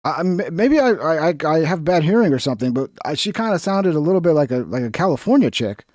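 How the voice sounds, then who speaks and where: A man's voice: on the high side, very animated, quick pace, a little mellow, no echo, clean studio sound. A man hosting a casual reaction stream, talking in a crude, rambling, profane way.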